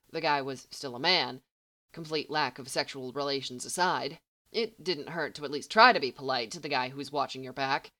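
A woman narrating a story in a steady, even reading voice. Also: low voice. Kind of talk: audiobook fiction reading.

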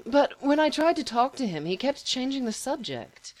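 A woman's voice: sits high, very animated, moderate pace, voice pushed up. A woman reading a haughty grande dame, stiffly upright and aloof. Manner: haughty, with a put-on British air.

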